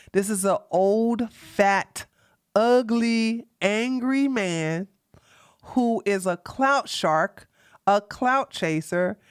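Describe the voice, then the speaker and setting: Woman host, DC area, drama commentary stream: mocking, unhurried delivery, dry close sound. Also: mid-range voice, no room sound. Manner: sassy, mocking, talks straight to chat. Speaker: livestream host.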